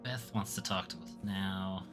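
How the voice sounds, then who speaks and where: A man's voice: low-pitched, steady tone, a little slow, over music. A man streaming a game, chatting casually and muttering, often trailing off mid-thought. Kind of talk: casual gameplay commentary.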